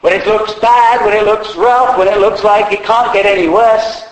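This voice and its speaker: A man's voice: sits high, fairly even intonation, normal speed. A man preaching a sermon in a humorous, conversational way, acting out quotes along the way. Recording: echoey hall.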